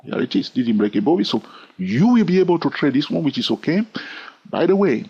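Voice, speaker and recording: A trading educator with a non-native English accent talks through a screen-recorded chart lesson, chatty and teasing, often asking "all right?". His slightly husky, somewhat mellow voice moves fairly quickly with big swings in pitch. The audio is dull and lo-fi.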